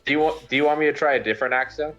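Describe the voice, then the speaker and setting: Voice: mid-range voice, very fast, fairly bright tone. Joking player on a dull mic. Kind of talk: casual chat while playing a game.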